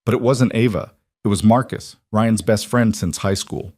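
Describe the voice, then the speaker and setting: A man narrating an emotional story in a calm, measured, scripted reading. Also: fairly low pitch, dry recording, studio quality.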